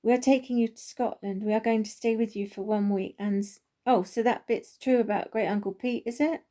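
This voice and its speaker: A woman voicing an excitable, emotional young boy in a storybook. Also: fairly high pitch, fairly quick, close to an everyday voice. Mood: excited.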